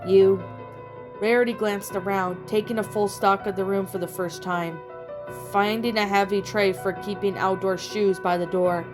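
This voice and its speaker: Woman reading a story over soft music. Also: medium pitch. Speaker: audiobook narrator. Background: soft background music.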